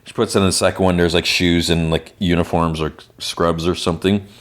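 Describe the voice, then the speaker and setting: Deep-voiced man recapping casually. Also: little pitch movement, brisk. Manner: rambling, many "like" fillers, reads out character lines. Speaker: podcast host.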